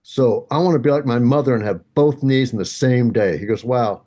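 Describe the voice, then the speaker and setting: A man in his sixties tells a personal story on a video call, at an ordinary middle pitch. He jokes at his own expense, slips into little voices for other people, and laughs through his telling. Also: brisk, mellow. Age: 60s. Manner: humorous, self-mocking, acts out voices, laughs often. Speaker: senior yoga teacher.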